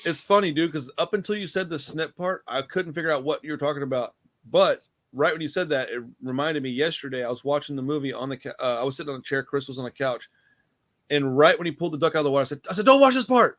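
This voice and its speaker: A man's voice: on the high side, fairly even intonation, fast talker, fairly bright tone. A young man hosting a casual movie review chat, laid-back and rambling, calling his friend dude and bro. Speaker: host.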